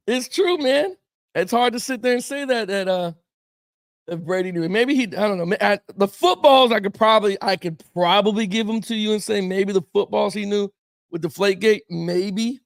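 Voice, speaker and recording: A man's voice: sits high, vocal fry, dry recording, clean studio sound. A man hosting a casual sports talk show, rambling and reacting to viewer comments with chuckles, peppering his talk with "man" and "bro".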